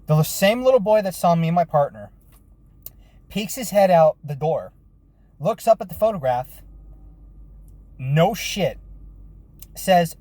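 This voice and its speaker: A man's voice: fairly high pitch, a little slow, pauses often, dry recording. Man telling a bounty hunting story. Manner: lively retelling with swearing and restarts. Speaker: bounty hunter. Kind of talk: casual storytelling vlog.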